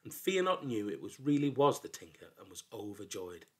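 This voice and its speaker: A man narrating a folk tale in an expressive, dramatic storybook reading that drops into hushed lows. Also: moderate pace, breathy edge.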